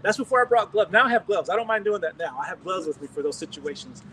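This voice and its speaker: A high-voiced American man preaching, spinning animated stories with chuckles and restarted phrases. He sounds a little distant from the microphone, and faint background noise sits under his words. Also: fast. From United States. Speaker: pastor. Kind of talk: storytelling sermon testimony.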